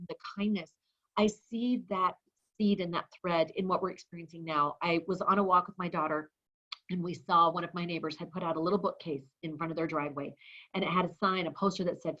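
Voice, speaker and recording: A woman's voice: fairly low pitch, steady tone, fairly quick, a bit bright. A woman hosting an interview, telling stories in a heartfelt, moved way. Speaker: host. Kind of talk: interview conversation. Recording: dull, muffled audio.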